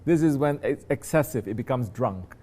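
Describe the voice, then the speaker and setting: A man's voice: medium pitch, animated, normal speed, warm tone. A man, a sheikh, teaching his disciples in a conversational sermon, often turning to ask listeners if they understand.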